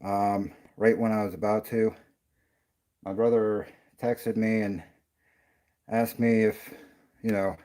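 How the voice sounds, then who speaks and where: A man's voice: on the low side, level tone, takes it slowly, long pauses, dark tone. A man doing a paranormal investigation vlog, out of breath and rambling as he talks to the camera. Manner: rambling, self-interrupting. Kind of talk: casual vlog talk.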